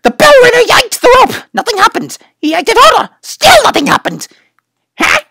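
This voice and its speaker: Brief: woman storybook reader, gravelly, animated delivery. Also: extremely high pitch, fairly quick, no echo. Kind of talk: reading a picture book aloud.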